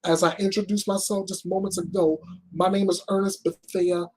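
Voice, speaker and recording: A man's voice: high voice, little pitch movement, moderate pace, darkish tone, breathy edge. A man hosting his own news show, reading reports and giving blunt, emphatic commentary.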